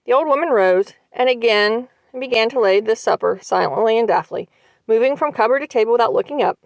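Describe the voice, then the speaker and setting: A woman reads a story aloud with a lively, expressive voice that sits a bit high. Her delivery is measured and the sound is close and dry. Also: no echo. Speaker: library storyteller. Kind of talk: storybook narration. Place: library.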